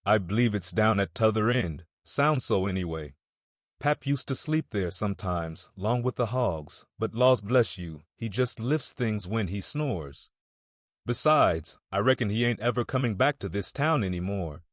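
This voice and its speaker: A man's voice: on the low side, expressive, measured pace, dry recording, clean studio sound. A man voicing a superstitious country boy who speaks in thick rustic dialect in a storybook reading. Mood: frightened.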